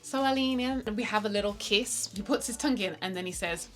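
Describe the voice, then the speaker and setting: A young woman vlogger telling a dating story, swinging between loud exclamations and hushed asides. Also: medium pitch, fast talker, loud music behind the voice. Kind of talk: storytime vlog.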